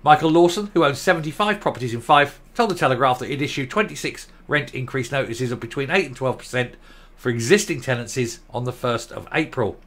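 A man's voice: mid-range voice, a little fast, fairly bright tone. A man giving ranting commentary, blunt, sarcastic and combative.

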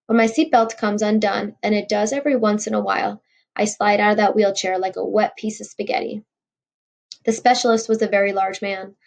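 A woman's voice: medium pitch, fairly even intonation, brisk, gravelly. A woman reading a novel aloud in a wry first-person storytelling voice. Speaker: audiobook reader.

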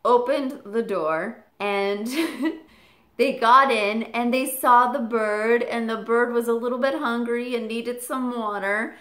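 A woman vlogger telling a story straight to her viewers in an animated way. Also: on the high side. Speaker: parrot channel vlogger. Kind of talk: storytelling to camera. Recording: echoey room.

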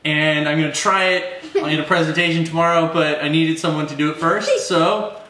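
A man's voice: a little high, steady tone, normal speed, bright, forceful tone. A man chattily coaxing his kids through a home experiment in a kitchen, laughing between instructions. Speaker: parent running a home experiment. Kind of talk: home video, coaching kids. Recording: echoey kitchen.

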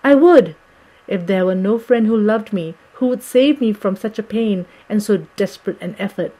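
A woman reading the lines of a brave, sorrowful young wife in an audiobook, speaking quietly and with resolve. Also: mid-range voice, normal speed, natural voice, rough recording. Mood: resolute.

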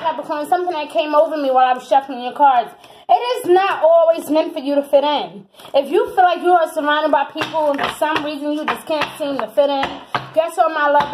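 A woman's voice: sits high, noisy background. A woman giving a tarot reading in an exuberant, emphatic way, repeating phrases for emphasis. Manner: exuberant, emphatic, breaks into laughs and whoops. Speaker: tarot reader.

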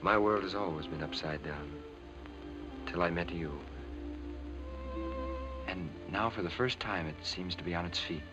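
A charming young prince. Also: male voice, a little high, a little fast, music in the background. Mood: tender. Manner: playful, lively, tender in quiet scenes. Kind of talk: 1930s film acting. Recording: noisy old film soundtrack.

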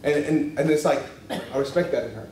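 A man teaching a church class in a casual, animated way, often acting out quoted voices and laughing. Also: a little high, fairly quick. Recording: echoey room, distant mic, faint hiss.

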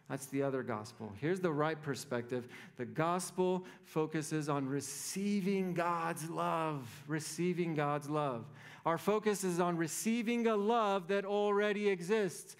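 A man's voice: on the high side, clear, resonant tone. A man preaching a sermon as pastor, conversational and playful, often checking in with the congregation. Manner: conversational, playful, keeps asking "right?".

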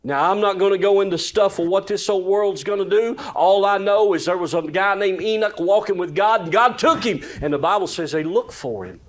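A male pastor preaching a sermon in a folksy, animated way, full of exclamations, sometimes dropping to a hushed voice for a story. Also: sits high, a little fast, few pauses.

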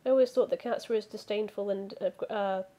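A woman reading a visual novel aloud as a let's play streamer, voicing the lines and breaking off into animated asides. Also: mid-range voice, brisk. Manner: animated, reacts with outbursts and asides. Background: background music.

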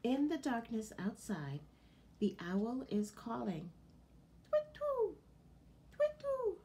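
A woman librarian leading a children's storytime and sing-along, animated and talking to her listeners as friends. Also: a little high, slow, slight background noise.

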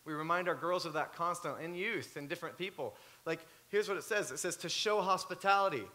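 A man, preaching a sermon and telling a story with lively swings between loud and hushed. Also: fairly high pitch, fairly quick. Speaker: pastor.

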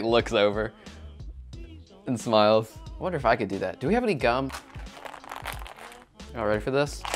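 A man riffs his way through a reaction video, his voice swinging up and down as he jokes and laughs at himself. His pitch sits in a middle range, and faint music plays softly underneath. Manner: joking, self-mocking, laughs often. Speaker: YouTube host reacting to videos. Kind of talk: casual reaction commentary. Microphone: shotgun or lav mic.

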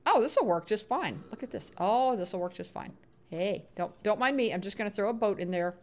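Her voice is medium in pitch with lively intonation, at a normal speed. Streaming Minecraft live, she chats casually, sweet-talks the game's characters in a sing-song tone, and responds to viewers by reading their chat names aloud.

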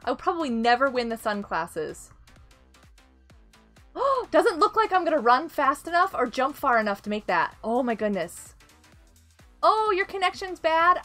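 On a casual gameplay live stream, a woman with a high-pitched voice reacts to the game in an excitable, giggly way and greets viewers by name.

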